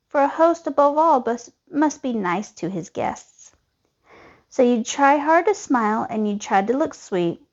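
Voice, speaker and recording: Slow expressive woman reading a storybook. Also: sits high. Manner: lively, expressive. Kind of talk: children's storybook read-aloud. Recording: dull lo-fi recording.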